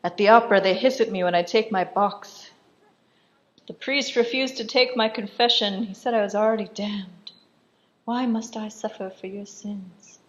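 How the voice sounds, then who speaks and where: A woman's voice: mid-range voice, normal speed, voice pushed up, lightly acted, low-quality recording. A woman voicing a shamed, pleading noblewoman who laments her lot. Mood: lamenting. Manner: plaintive, pleading.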